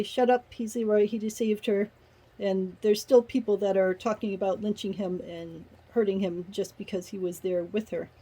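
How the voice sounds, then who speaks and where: A woman's voice: mid-range voice, mellow, slightly rough, rough recording. A woman giving a casual spoken review of a short story, retelling the plot conversationally with personal asides. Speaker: book reviewer.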